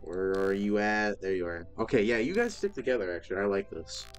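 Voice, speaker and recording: A man's voice: on the low side, animated, fairly quick, soft background music. A man giving let's play commentary, talking to the game's characters and breaking into startled exclamations. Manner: talks to game characters, frequent startled exclamations. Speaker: gaming video host.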